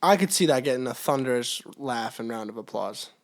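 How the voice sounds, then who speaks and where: A man with an average-pitched voice banters in a casual chat. He teases with quick, dry jokes and an easygoing delivery. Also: expressive. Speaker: podcast co-host.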